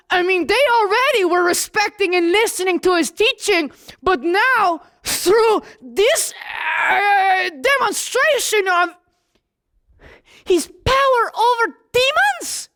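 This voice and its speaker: A woman's voice: very high-pitched, fairly bright tone, full character voice. A woman playing the apostle John, retelling his days with Jesus in first person and asking the listeners questions directly. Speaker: storyteller in character. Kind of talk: first-person Bible storytelling.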